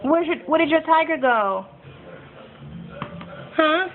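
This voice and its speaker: A woman's voice: sits high, lively intonation, slow pace. A young mother coaxing her toddler to name animals and say words, making animal sounds, recorded on a phone. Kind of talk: casual baby talk at home. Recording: tinny phone recording with music behind.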